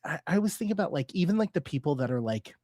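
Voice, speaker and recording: A man's voice: on the high side, quick pace, no echo, clean studio sound. A man chatting casually as a podcast cast member, rambling with many restarts. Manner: rambling, many restarts and fillers, lively storytelling. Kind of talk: casual chat.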